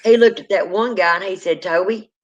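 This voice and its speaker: In a mid-range voice, a little fast, someone tells a true ghost story in a casual, dramatic way, acting out the people who appear in it. The recording sounds dull and lo-fi, with a little hiss or hum.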